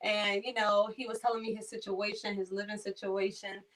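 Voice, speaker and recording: A woman's voice: mid-range voice, moderate pace, recorded from a distance, low-quality recording. A young woman from Maryland, a caregiver, telling her stories in a casual interview and acting out the people in them. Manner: animated, acts out voices in her stories.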